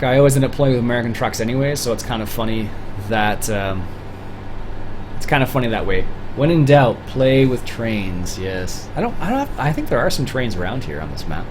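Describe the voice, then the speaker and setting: Young Canadian male streamer, loose rambling chat, lively pitch, middle register. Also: noisy background. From Ontario, Canada. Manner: rambling, chatty, many fillers and restarts. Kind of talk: casual livestream commentary.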